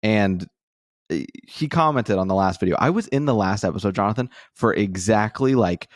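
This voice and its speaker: A young man co-hosts a casual podcast in a relaxed, self-deprecating way. His voice is very low, and the dry, close recording has no room sound. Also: moderate pace, no room sound. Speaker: podcast co-host. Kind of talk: casual chat.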